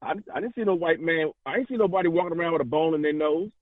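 On a tinny phone line with no room sound, a caller to a radio talk show talks rapid-fire in a voice on the high side. His impassioned remarks are fiery and rambling, and he frequently repeats himself.

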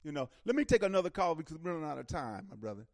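Animated, emphatic male radio host. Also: on the high side, very fast, gravelly, no echo, studio quality. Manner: emphatic, animated, repeats words when worked up. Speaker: radio talk show host. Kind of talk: call-in radio discussion.

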